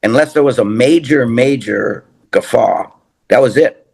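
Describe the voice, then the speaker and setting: A man's voice: medium pitch, unhurried, vocal fry, darkish tone, slightly rough. An older man, a TV personality, in casual chat, rambling through anecdotes with restarts and repeated phrases. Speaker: guest, TV personality.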